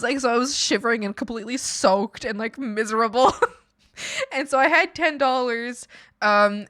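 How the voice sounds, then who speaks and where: Bright-voiced young woman rambling a story. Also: mid-range voice, smooth, dry recording, clean studio sound. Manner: rambling, many fillers, laughs through the story. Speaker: streamer. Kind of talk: casual storytelling while drawing.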